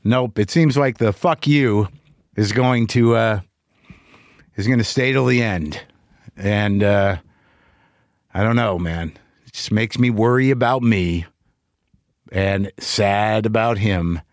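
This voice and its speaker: A man's voice: on the low side, slow, pauses often, dry recording, studio quality. A middle-aged man hosting a podcast, telling a candid story in a rambling, profane way with lots of restarts. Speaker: podcast host. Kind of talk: casual monologue.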